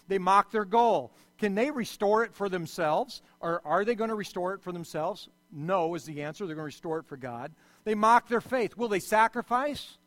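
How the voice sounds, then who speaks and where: High-voiced man preaching in a reverberant hall. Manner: preaching with sudden swells and drops in loudness. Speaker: pastor. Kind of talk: sermon.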